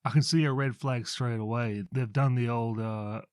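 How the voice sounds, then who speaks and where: A man co-hosting a relaxed podcast chat. He chips in with jokes and laughs often, and his voice sounds dry and close, with no room echo. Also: mid-range voice, moderate pace, clear, resonant tone. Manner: jokey interjections, frequent laughter. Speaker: podcast co-host.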